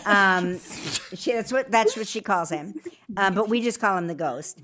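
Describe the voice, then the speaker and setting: A woman's voice: medium pitch, normal speed. Chatty woman host telling stories. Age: 50s. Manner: animated storytelling, swears freely. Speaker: talk show host. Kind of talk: casual chat.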